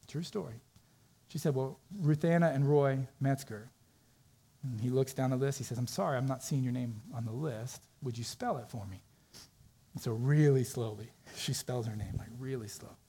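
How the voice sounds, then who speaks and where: Dark, husky man preaching a sermon. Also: mid-range voice. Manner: storytelling with acted-out voices, conversational with fillers.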